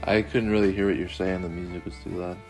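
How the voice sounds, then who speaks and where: Male co-host, very low gravelly voice, laid-back and hesitant, faint music behind. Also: little pitch movement, fast. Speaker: podcast co-host. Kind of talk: casual podcast chat.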